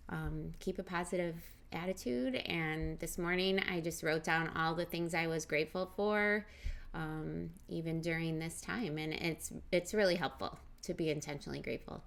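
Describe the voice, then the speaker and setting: A woman's voice: deep voice, normal speed, vocal fry. A woman joining her husband's live stream from home, cheerful and encouraging. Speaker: host's wife, guest. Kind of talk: casual chat.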